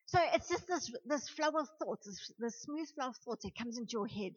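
A woman leading a youth group, giving an animated sermon and speaking straight to the young people in a church room. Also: a little high, moderate pace, breathy edge. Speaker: youth leader. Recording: dull lo-fi recording.

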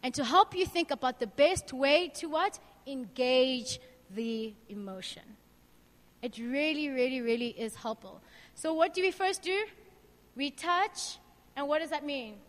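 A young woman speaking to a youth group as its leader, earnest and personal, asking the group lively questions. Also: high voice, unhurried. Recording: long hall reverb.

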